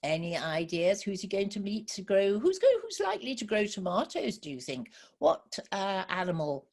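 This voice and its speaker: A woman telling a children's story live to an online audience, gently encouraging and asking listeners for ideas. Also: medium pitch, very animated, moderate pace.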